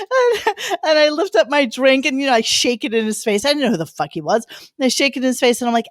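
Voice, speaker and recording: A woman's voice: sits high, very animated, normal speed, dry recording, studio quality. A woman hosting a casual podcast chat, telling stories in a brash, profane way with frequent laughs. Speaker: podcast host.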